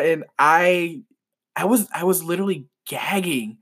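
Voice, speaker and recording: Excitable young man telling a rambling story. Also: fairly high pitch, moderate pace. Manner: excitable, rambling with many restarts and fillers. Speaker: flight attendant. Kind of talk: casual storytelling vlog.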